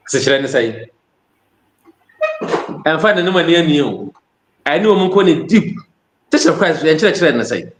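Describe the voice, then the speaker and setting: A man's voice: fairly high pitch, reverberant, slight background noise. A man with a Ghanaian accent preaching a sermon, switching between Twi and English phrases.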